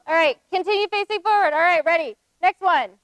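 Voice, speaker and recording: High bright-voiced woman leading a group game. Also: no echo. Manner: brisk, directive, quick to give instructions. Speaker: workshop facilitator.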